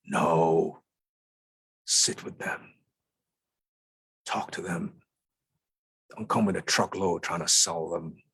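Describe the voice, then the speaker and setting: Male guest speaker, low husky voice, emphatic and insistent, dry close sound. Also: fairly even intonation, slow, long pauses, fairly bright tone, no echo. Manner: emphatic, repeats words for stress. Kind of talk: conversational talk. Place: lounge.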